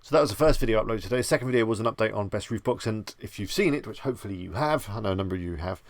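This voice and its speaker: A man's voice: fairly low pitch, lively intonation, racing, dry recording. A man hosting a live stream, chatting with viewers in an easygoing, rambling way. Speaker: livestream host. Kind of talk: casual live-stream chat.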